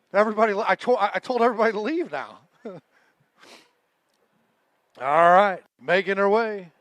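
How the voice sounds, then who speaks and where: A man's voice: sits high, moderate pace, pauses often, a bit bright, no echo. A man emceeing a fishing tournament weigh-in live, chatting and joking with the anglers and crew. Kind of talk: live event emceeing with casual banter.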